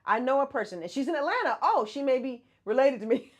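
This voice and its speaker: A woman's voice: sits high, expressive, fast, hardly any pauses. A woman hosting a casual livestream, chatting and answering viewer comments with frequent laughs. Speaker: host of a hair care brand livestream.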